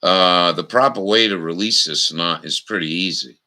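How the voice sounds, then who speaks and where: A man hosting a casual livestream, showing knots slowly and cracking crude jokes with viewers in the chat. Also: deep voice, bright, forceful tone, rough recording. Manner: salty, crude humor with frequent swearing; slow, instructional, talking to chat viewers. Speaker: livestream host.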